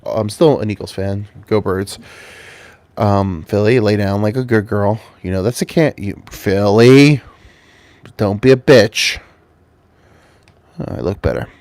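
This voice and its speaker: A man's voice: lowish voice, measured pace, pauses often, a little mellow, dry recording. A man telling a rambling, profane story to camera at home, getting over a cold. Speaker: vlogger.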